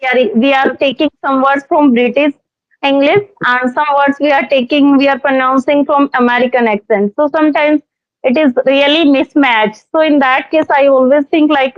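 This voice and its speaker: A woman's voice: sits high, steady tone, moderate pace, dry recording, highs cut off. A young woman from Haryana with an Indian accent, an English teacher talking earnestly and hesitantly with many fillers on a practice call. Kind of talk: casual conversation practice call. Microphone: video call.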